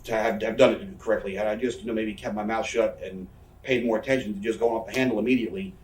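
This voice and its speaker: Man, thirties, quick speech, profane, candid storytelling, distant from the mic. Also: on the low side, fairly even intonation, a little mellow, slight background noise. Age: 30s. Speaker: professional wrestler interviewee. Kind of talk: candid shoot interview storytelling. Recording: roomy, voice from away from the mic.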